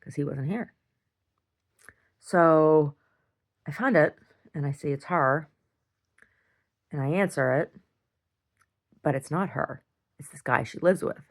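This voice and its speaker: A woman's voice: sits low, takes it slowly, long pauses. A middle-aged woman venting in a casual video diary, blunt and exasperated, swearing and repeating herself. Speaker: video diarist.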